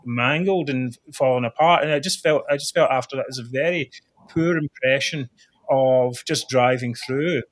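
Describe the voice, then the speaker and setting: A man's voice: mid-range voice, moderate pace. A man from Scotland hosting a political talk show, chatty and rambling as he asks questions. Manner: chatty, rambling, laughs easily. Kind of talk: casual political chat.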